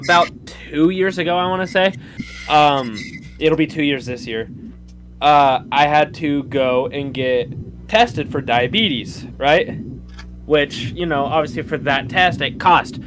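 A man co-hosting a podcast who tells an aggrieved story in casual chat, often pausing to grope for words. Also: fairly high pitch, fairly bright tone, slight background noise. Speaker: podcast co-host.

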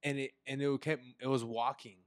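A man's voice: mid-range voice, little pitch movement, moderate pace, smooth, no room sound, clean studio sound. A young man hosting a podcast, telling a childhood story in casual chat, with a lot of slang and swearing. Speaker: podcast host.

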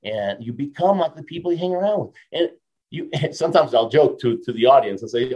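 A man in his fifties, a motivational speaker, spins anecdotes in a casual interview. He is lively and quick to laugh, and he keeps checking in with his listener. His voice sits at an ordinary middle pitch for a man. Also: dull audio. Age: 50s. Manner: lively, laughs often, tags lines with "right?".

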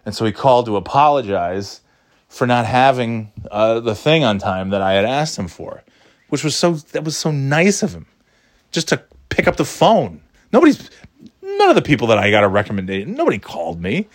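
A man's voice: mid-range voice, sing-song, normal speed, dry recording, studio quality. A man in his forties casually telling a personal anecdote, rambling and self-deprecating with frequent restarts. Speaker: storyteller.

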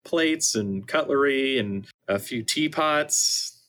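A man's voice: mid-range voice, takes it slowly. Laid-back man running a tabletop game. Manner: relaxed, laid-back narration with fillers. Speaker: game master. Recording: music playing behind.

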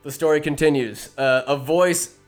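A man's voice: on the high side, fairly even intonation, normal speed, faint music behind. A man giving a rambling comic movie recap, full of jokey asides and self-interruptions.

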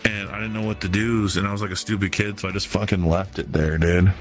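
A man's voice: sits low, steady tone, fast talker, soft background music. A young man chatting on a podcast, stoned, telling rambling profane stories and laughing. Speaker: podcast host. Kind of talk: casual chat, storytelling.

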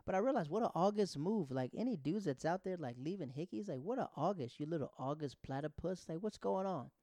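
This stand-up comedian in his thirties has a fairly high-pitched voice and a brisk delivery, recorded clean in a studio with no room sound. His storytelling is animated and rambling, and he keeps interrupting himself.

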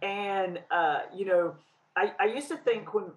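A podcast co-host, a woman with a medium-pitched voice, talks a little slowly in a casual chat, and the audio is poor. She sounds reflective and searching, with many fillers and restarts.

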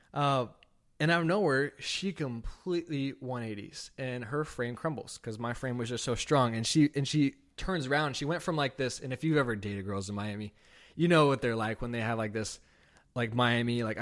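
A man's voice: medium pitch, moderate pace. Profane young man telling a story. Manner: casual, profane, heavy use of "like"; animated retelling with quoted dialogue. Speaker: podcast host. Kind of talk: raw unscripted storytelling.

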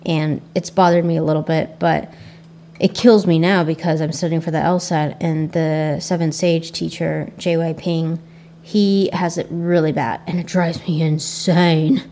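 A young adult woman with an Asian American accent hosts a casual solo podcast, rambling reflectively and frequently restarting her sentences. Her voice is lowish with a darker tone, and there's slight background noise.

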